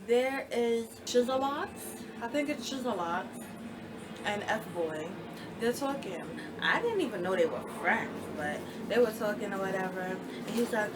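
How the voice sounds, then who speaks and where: A woman's voice: mid-range voice, measured pace, very noisy. Young woman telling a storytime. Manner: animated retelling, acts out quoted lines. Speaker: storytime vlogger. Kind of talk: casual storytime.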